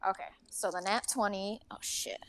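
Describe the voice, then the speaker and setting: A woman's voice: medium pitch, fairly even intonation, moderate pace, dry recording. Casual young woman tabletop player. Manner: casual, giggly, with lots of "like". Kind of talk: casual tabletop game play.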